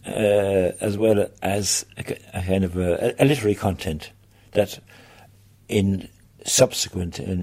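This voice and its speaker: An older man reminiscing in an interview about his newspaper years, halting and restarting his phrases. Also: sits low, gravelly, a little mellow, husky.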